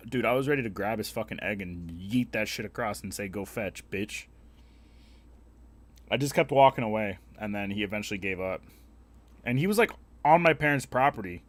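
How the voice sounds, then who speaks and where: A young man streaming a game, telling a story in a blunt, heavily profane, animated way. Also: mid-range voice. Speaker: live streamer. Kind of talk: casual storytelling while gaming.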